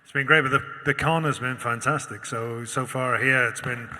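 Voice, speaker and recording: A man's voice: mid-range voice, steady tone, normal speed, pushed and bright. A man from the United Kingdom answering questions as an actor on a convention panel, thoughtful and rambling, with many restarts. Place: large convention auditorium. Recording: long hall reverb.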